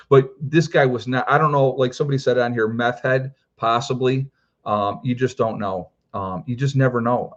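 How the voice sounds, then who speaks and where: Middle-aged male host, loose chatty storyteller, plenty of "you know", mid pitch, a bit lo-fi. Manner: rambling, many "you know" fillers. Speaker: prepper channel host. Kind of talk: casual livestream storytelling.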